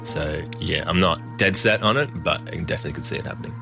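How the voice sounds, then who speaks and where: A young Australian man with a very deep voice, rambling through his answers with plenty of fillers. He laughs at himself often. A clear music bed plays under him. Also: fast talker. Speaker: dating contestant. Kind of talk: casual chat.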